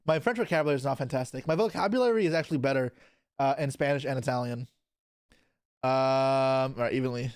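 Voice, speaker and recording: A man's voice: mid-range voice, fast, clean tone, no echo, clean studio sound. A young man chatting casually on a live stream, answering his chat aloud while opening card packs, with offhand swearing. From Canada.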